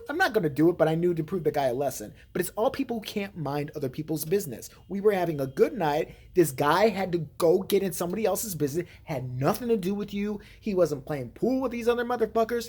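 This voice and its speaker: A woman's voice: lowish voice, warm tone, husky. A woman vlogger giving blunt, heated, profane commentary and telling a story.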